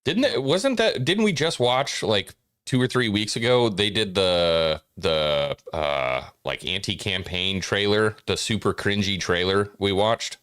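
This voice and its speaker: A man with a very deep voice co-hosting a casual livestream, chiming in with jokey, enthusiastic remarks. His pitch swings widely despite its low base. The recording is dry and close. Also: animated, a little slow, fairly bright tone, smooth, no echo. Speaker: co-host.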